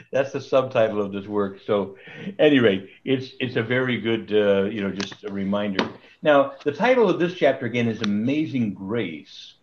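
A man leading a casual Bible study over a video call, rambling with restarts and chuckling at his own jokes. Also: mid-range voice. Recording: slightly dull video call audio.

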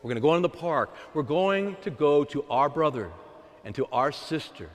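A man preaching a sermon as a pastor, calling out to the congregation in an animated, call-and-response way. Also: on the high side, normal speed. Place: large church. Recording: echoey church hall with long reverb.

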